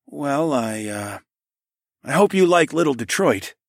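A man's voice: medium pitch, animated, a little slow, vocal fry, no echo, clean studio sound, pitched above the performer's own voice. A man voicing a chatty, proud middle-aged painter who turns a bit wary.

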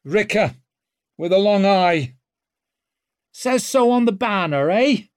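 A man's voice: high voice, lively intonation, a little slow, no echo, studio quality, pitched above the performer's own voice. A man voicing a brash, sly young woman leader who talks with cheeky mock-innocence. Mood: cocky.

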